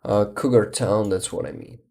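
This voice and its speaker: A man with a Ukrainian accent chatting casually on a livestream, exhausted and halting, often restarting words. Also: lowish voice, mellow. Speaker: livestream host.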